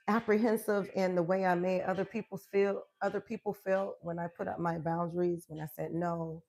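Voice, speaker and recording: A woman coach talks to her viewers from her home workout space. She is emphatic and affirming and laughs easily. Her pitch sits in the middle range. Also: darkish tone. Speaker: wellness coach. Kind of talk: live-stream motivational chat.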